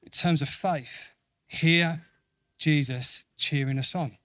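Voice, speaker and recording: A man's voice: on the high side, slow pace, no echo. A man preaching a sermon in an earnest way, repeating phrases for emphasis and acting out quoted voices. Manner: acts out quoted voices with lively shifts.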